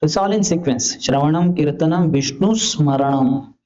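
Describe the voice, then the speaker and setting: A man giving a scripture lecture, animated, asking rhetorical questions and acting out calls and pleas. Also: on the high side, moderate pace. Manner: animated, rhetorical questions, acts out shouting and pleading. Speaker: preacher giving a scripture class. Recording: dull lo-fi lecture recording.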